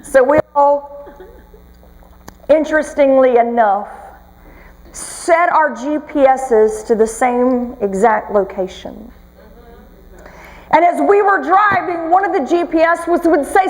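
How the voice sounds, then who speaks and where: A woman with a high voice gives a motivational talk from a stage. She tells stories with playful humor and teases the crowd. Her words carry a long echo through a large hall. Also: unhurried, pauses often. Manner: lively, humorous storytelling, teasing the audience. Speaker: motivational speaker. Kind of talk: motivational talk to a live audience.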